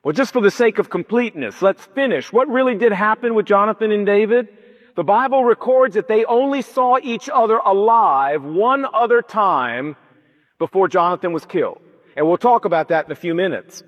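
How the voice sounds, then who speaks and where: Emphatic high-voiced male preacher. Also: animated, moderate pace. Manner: emphatic, storytelling, rhetorical questions. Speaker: pastor. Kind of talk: sermon. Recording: dull echoey hall recording.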